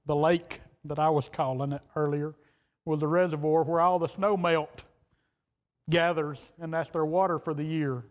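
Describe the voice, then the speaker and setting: Folksy preacher man, high voice. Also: moderate pace. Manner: folksy, plain-spoken, quoting others in turn. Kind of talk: sermon storytelling. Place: church sanctuary. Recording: dull reverberant church hall audio.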